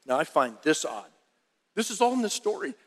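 A male pastor preaching a sermon in an animated, emphatic way, often repeating phrases. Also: a little high, fairly quick, in a large hall.

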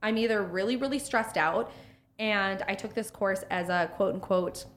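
A woman in casual podcast chat, animated and swearing freely, acting out little quotes as she talks. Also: medium pitch, moderate pace, slight background noise.

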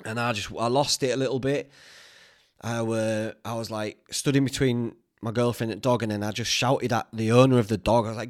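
A young man with a broad Northern English accent talks in a loose, rambling podcast chat. His voice sits at an ordinary middle pitch, and he drifts between tangents with easy swearing. The close podcast mic keeps it direct and conversational. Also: steady tone, a little fast. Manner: chatty, swears freely, tangential storytelling. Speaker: podcast host.

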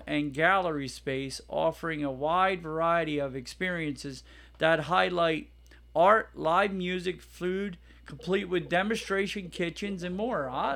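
Guy cohosting a chatty podcast, kinda high voice, gets all excited and rambles. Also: gravelly. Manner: excitable, laughs loudly, rambling. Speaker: podcast co-host. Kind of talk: casual chat.

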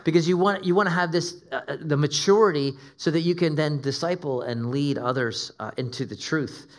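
Joking middle-aged preacher. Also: male voice, a little high, a little fast. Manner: joking, self-deprecating, conversational. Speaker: guest pastor. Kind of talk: sermon.

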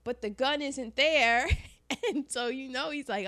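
A woman's voice: high voice, a little slow, bright, forceful tone. A woman co-hosting a casual movie podcast, talking animatedly and laughing often as she retells scenes. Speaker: podcast co-host.

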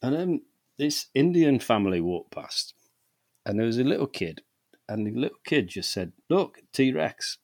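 Man, middle-aged, animated raconteur, dry close sound. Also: mid-range voice, normal speed, no room sound. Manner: sweary, animated storyteller who laughs often. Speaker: podcast co-host. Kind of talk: casual chat.

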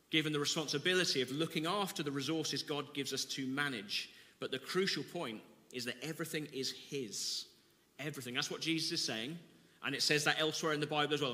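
A man's voice: medium pitch, pushed and bright, big-room sound. A man preaching a sermon, reading scripture with dramatic emphasis and then explaining it conversationally. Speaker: pastor.

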